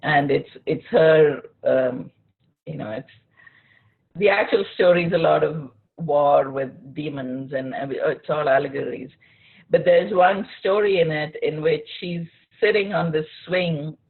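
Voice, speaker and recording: A woman's voice: low-pitched, a little slow, creaky, husky. A woman interviewer speaking thoughtfully and searchingly, often restarting her phrases. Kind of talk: reflective conversation. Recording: tinny phone-like line.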